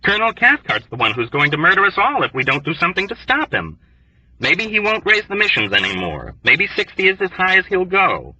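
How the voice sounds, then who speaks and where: Man voicing Dobbs, a rough quavering airman. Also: sits high, wildly swooping pitch, brisk, bright, forceful tone, no room sound, distant mic, muffled recording, voice pushed up, full character voice. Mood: agitated. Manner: rough, quavering, overwrought, pugnacious. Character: frantic sneezing young male airman, hotheaded. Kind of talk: audiobook character voice.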